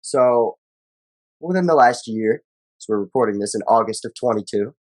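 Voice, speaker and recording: A man's voice: medium pitch, expressive, normal speed. Casual man reading sports stats aloud. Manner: reads stats and quotes aloud, loose and profane. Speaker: podcast co-host. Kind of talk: casual sports podcast chat.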